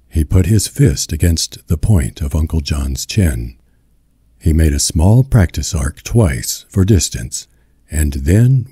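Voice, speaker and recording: Very deep, slow male narrator. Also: warm tone, slightly rough, no echo, clean studio sound. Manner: slow, soothing ASMR delivery. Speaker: audiobook narrator. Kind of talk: scripted audiobook narration.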